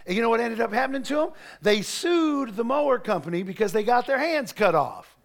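Pastor, middle-aged man, very high gravelly voice, jokey anecdotes rising to shouting. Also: big pitch swings, a little fast. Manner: folksy joking storytelling that builds to shouted preaching. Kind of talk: sermon. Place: church.

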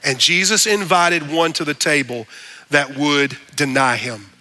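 A man preaching a radio sermon as pastor, animated, rising up on his points of emphasis. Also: on the high side, unhurried.

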